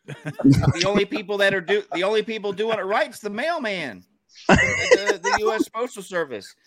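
A man's voice: high-pitched, wildly swooping pitch, moderate pace, fairly bright tone. A man in a casual chat, ranting with profanity in a comic way.

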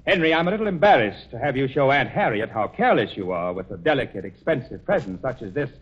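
A pompous, flustered father with a husky, quick and animated voice. He sounds fussy, in a muffled 1940s radio sitcom. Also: medium pitch.

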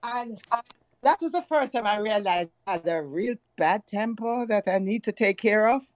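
A middle-aged Jamaican woman in casual chat, telling stories in an animated way and laughing often. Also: mid-range voice, normal speed, no room sound. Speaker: guest.

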